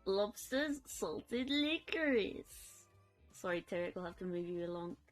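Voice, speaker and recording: A woman's voice: medium pitch, animated, unhurried, soft background music. Giggly young woman streamer. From United Kingdom. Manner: chatty, giggly, reads chat aloud. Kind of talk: casual live-stream chat.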